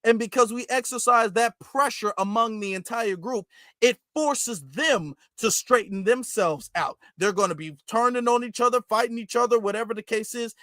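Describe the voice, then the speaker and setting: A man's voice: very high-pitched, normal speed, sharp tone, no room sound, clean studio sound. A man hosting a livestream, talking in a preachy, teasing way and repeating phrases for effect. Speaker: livestream host. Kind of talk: casual livestream talk.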